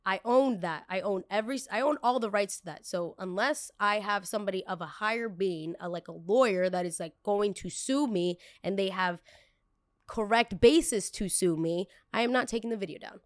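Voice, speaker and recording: A woman's voice: normal speed, no echo. Young woman on her podcast, chatty storytelling, jumps way up when she quotes people, dry close mic. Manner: animated, acts out quoted arguments with big pitch jumps. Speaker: podcast host. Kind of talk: casual storytelling.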